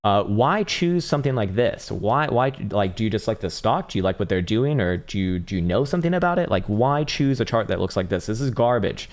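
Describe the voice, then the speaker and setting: A man's voice: lowish voice, big pitch swings, fairly quick, hardly any pauses. A man hosting a live trading stream who gives casual market commentary in a rambling, profane, joking way.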